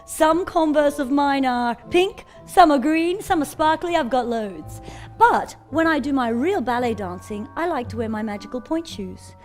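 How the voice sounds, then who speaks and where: A woman presenting a children's show in a fairy character, telling a story in an animated, sing-song way and talking straight to the children. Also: high-pitched, normal speed, faint music behind.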